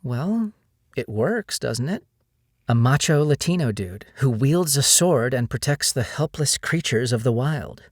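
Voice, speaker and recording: A man's voice: mid-range voice, lively intonation, measured pace, no echo, clean studio sound, voice pushed up. A man voicing a bubbly, playful young woman who teases as she talks, read in an audiobook.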